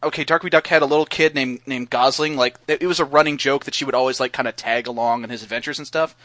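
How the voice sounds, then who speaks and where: A man's voice: mid-range voice, fairly even intonation, fast, fairly bright tone, dry recording. Rambling man on a dry podcast mic. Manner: rambling, many fillers and restarts. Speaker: podcast guest co-host. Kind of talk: casual podcast chat.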